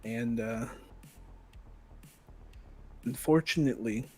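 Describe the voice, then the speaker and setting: Man playing a cold hired killer. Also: husky. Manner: low, slow and menacing.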